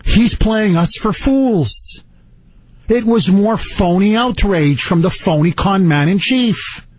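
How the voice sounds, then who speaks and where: A man's voice: sits high, animated, takes it slowly. A man hosting a talk radio show, ranting in a combative, sarcastic way into a studio microphone. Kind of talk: political talk radio monologue.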